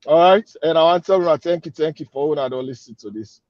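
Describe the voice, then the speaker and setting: A man with a Sierra Leonean Krio accent, an event organizer, is a guest on a radio interview, upbeat and persuasive as he keeps repeating his calls to action. His voice is on the high side and quick, recorded dry with the highs cut off.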